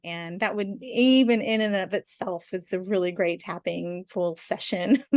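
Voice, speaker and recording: A middle-aged woman leading a guided self-help tapping session, gentle and affirming, with frequent small laughs. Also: mid-range voice, dry recording, clean studio sound. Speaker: tapping practitioner guiding parents.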